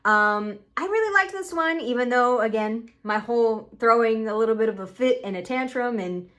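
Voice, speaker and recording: A woman's voice: a little high, animated, normal speed, fairly bright tone. A young woman from Puerto Rico giving emphatic, casual reaction commentary at home, swearing freely into a camera on a stand. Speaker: reaction video host.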